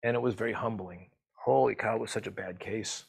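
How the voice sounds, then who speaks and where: Husky middle-aged man telling a story. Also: lowish voice, steady tone. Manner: emotional, halting storytelling. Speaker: physician assistant and medical educator. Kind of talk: personal story told to camera.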